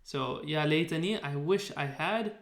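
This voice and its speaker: A male Arabic teacher explains a recorded online lesson, patient and unhurried, often restarting with fillers as he works through examples. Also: a little high, a bit bright. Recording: echoey room.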